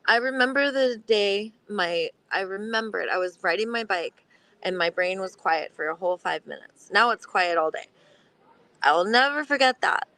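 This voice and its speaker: A woman's voice: medium pitch, expressive, moderate pace, sharp tone, no room sound, poor audio. A woman talking earnestly in a casual heart-to-heart chat, sharing personal experience and acting out inner voices.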